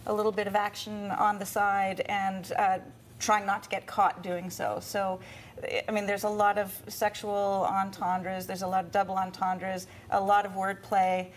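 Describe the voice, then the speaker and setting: A woman's voice: mid-range voice, little pitch movement, moderate pace, slight background noise. A woman who chairs a theatre's volunteer committee, explaining things at length in a TV interview, with fillers.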